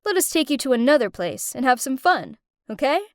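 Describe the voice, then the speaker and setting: A woman voices a sleazy young male thug in an animated story. He taunts and smirks as he talks. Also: high voice, a little fast, dry recording, clean studio sound. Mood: taunting. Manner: mocking, smirking.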